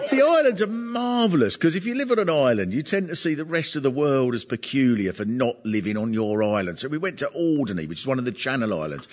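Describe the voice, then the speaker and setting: A male comedian telling comic stories in an animated way, often laughing at his own tales. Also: mid-range voice, fairly quick, hardly any pauses. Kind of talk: comic storytelling monologue.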